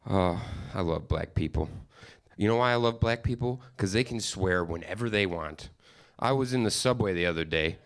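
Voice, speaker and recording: Brash male emcee with a smooth voice. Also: fairly low pitch, fairly bright tone. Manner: brash, crude and upbeat. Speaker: comedy show emcee. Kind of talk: stand-up comedy and emcee banter.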